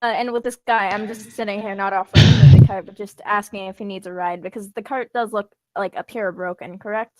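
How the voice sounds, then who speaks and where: A woman playing in a tabletop game, talking in a lively way and laughing often. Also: mid-range voice, a little fast, few pauses, no room sound. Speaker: player. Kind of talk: casual tabletop game chat.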